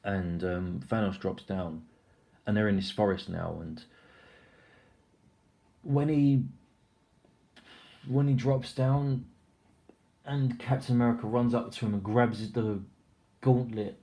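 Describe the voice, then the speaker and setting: A young man giving a casual, rambling film review, excitable and full of swearing and filler words. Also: lowish voice, takes it slowly, gravelly, long pauses.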